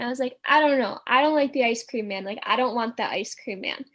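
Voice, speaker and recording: Young female guest with a slightly high pitch, animated storyteller who acts out the dialogue. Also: moderate pace. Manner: animated, acts out quotes, many "like" fillers. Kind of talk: casual storytelling.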